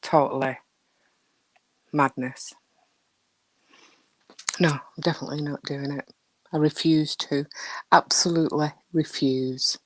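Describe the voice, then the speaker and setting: A woman's voice: extremely low pitch, dry recording. A woman hosting a casual live stream, chatting with viewers in a rambling way, often dropping to a near whisper, with a dry throat. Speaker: livestream host.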